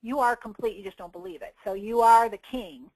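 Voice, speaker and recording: A woman's voice: mid-range voice, fairly quick, darkish tone, husky, no room sound, low-quality recording. A woman giving a motivational coaching talk in an earnest, preachy way, acting out little quoted bits. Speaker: success coach.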